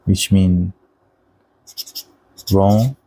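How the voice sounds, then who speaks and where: Slow, mellow-voiced man teaching Korean. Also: low-pitched, fairly even intonation, low-quality recording. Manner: patient, deliberate, models Korean words slowly. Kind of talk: slow explanatory language lesson.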